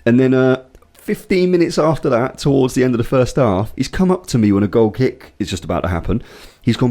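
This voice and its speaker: A young man co-hosting a podcast, telling an animated, profane story in casual chat. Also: medium pitch, quick pace. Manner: animated storytelling, swears often, acts out voices in anecdotes. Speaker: podcast co-host.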